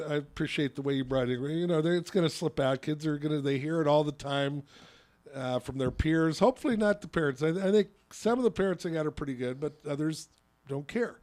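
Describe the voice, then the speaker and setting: A man who hosts a radio talk show and coaches youth softball, telling a story with rambling restarts. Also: fairly high pitch. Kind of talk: casual radio chat.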